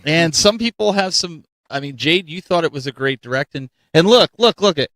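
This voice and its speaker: A man's voice: fairly high pitch, fairly quick, no room sound. A middle-aged man from Ohio, hosting a casual panel chat and rambling with lots of restarts. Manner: rambling, animated, restarts often. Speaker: podcast host.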